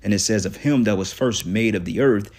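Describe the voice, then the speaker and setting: Guy reading scripture out loud then going off, blunt and cussing, kinda low voice, tags stuff with okay and man. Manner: reads scripture slowly and deliberately, stressing single words. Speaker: scripture teacher. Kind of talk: reading scripture aloud with heated commentary.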